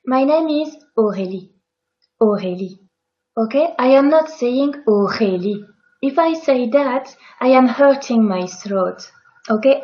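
A woman's voice: on the high side, mellow, muffled recording. A woman with a French accent, a native French speaker, teaching pronunciation patiently and demonstrating words. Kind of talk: pronunciation lesson.

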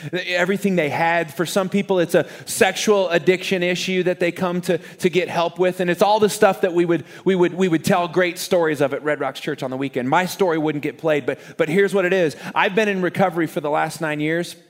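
A man, a pastor preaching to a live church congregation, joking and lively with the crowd and turning quiet and earnest when he prays. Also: high-pitched, a little fast, hardly any pauses. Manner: energetic, joking crowd warm-up, then quiet earnest prayer. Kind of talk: sermon.

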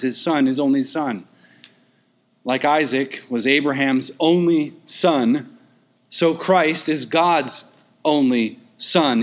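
A man preaching an expository sermon, emphatic and repeating key phrases, with quick asides and sudden pushes of emphasis. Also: a little high, fairly bright tone.

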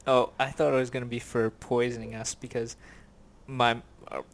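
A man's voice: mid-range voice, little pitch movement, normal speed. A man co-hosting a casual podcast chat, answering with dry, teasing asides. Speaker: podcast co-host.

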